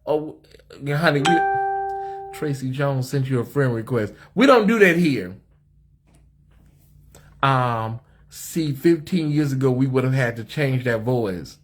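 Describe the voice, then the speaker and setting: A man's voice: mid-range voice, takes it slowly, pauses often, faint music behind. An American man hosting a live stream from a hotel suite, sassy and chatty, talking straight to his viewers in the comments. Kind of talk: casual live-stream chat.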